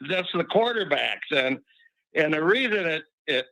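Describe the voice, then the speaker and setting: A man's voice: fairly high pitch, sing-song, unhurried, bright, forceful tone, dry recording, poor audio. A man calling in to a sports talk show, chatty and wry, rambling a little as he talks. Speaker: regular caller. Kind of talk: call-in sports chat.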